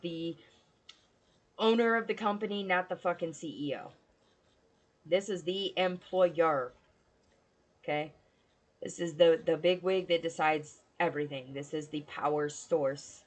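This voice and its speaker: A woman giving a casual tarot reading, talking bluntly and swearing freely in a chatty way. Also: on the low side. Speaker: tarot reader.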